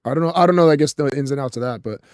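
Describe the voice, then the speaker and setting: A man's voice: on the high side, very fast, no room sound, studio quality. A man guesting on a podcast, joking and rambling in casual chat. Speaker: guest, martial arts gym owner.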